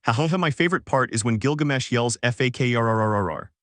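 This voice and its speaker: A man's voice: medium pitch, animated, quick pace, fairly bright tone, dry recording, lightly acted. A man voicing a short, boastful old male gnome who runs a shop, in a proud, teasing manner.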